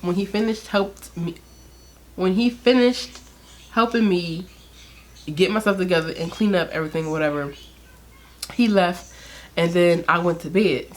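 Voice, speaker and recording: A young woman vlogger telling a personal story in a candid, chatty way, laughing often and using lots of fillers. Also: lowish voice. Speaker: beauty vlogger. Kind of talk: casual storytime.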